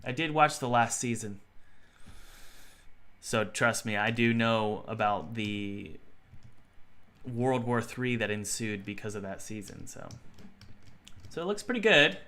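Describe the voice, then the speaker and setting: A man's voice: medium pitch, animated, unhurried, pauses often, pushed and bright. A young man live-streaming game development, talking to himself and his chat as he works. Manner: self-talking, thinks aloud, chatty with chat. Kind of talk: casual live-stream talk while working.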